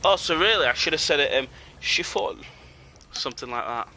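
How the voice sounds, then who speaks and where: A man's voice: a little high, animated, fast, pushed and bright, a little hiss or hum. A young British man chatting casually and joking with viewers while he plays a game on a live stream.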